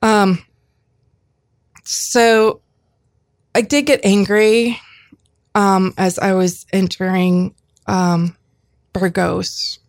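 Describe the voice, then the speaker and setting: A woman in her fifties tells a personal story as an interview guest, with a gravelly, creaky edge to her voice. She speaks earnestly, often restarting and repeating herself. The recording is dry and close, with no room sound. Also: mid-range voice, fairly even intonation, extremely slow, pauses often, no room sound. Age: 50s. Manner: earnest, with frequent restarts and repetitions.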